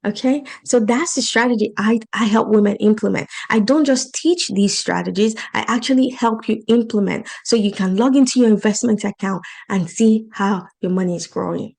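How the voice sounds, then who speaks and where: Woman with an accent, coach-host type, earnest solo podcast delivery, middle pitch. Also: moderate pace, gravelly, few pauses, a little mellow. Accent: non-native English accent. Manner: earnest, encouraging, speaks directly to listeners.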